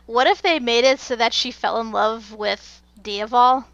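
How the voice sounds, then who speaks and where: A woman co-hosting a casual film review chat, animated and quick to laugh. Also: on the high side, no room sound. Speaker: podcast co-host.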